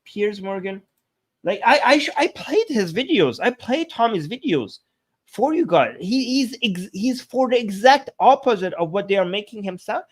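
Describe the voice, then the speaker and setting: Man, high voice, reaction commentary, incredulous, exasperated, stumbling restarts. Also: very animated. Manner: talks fast with many restarts. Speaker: live stream commentator. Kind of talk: reaction commentary on video clips.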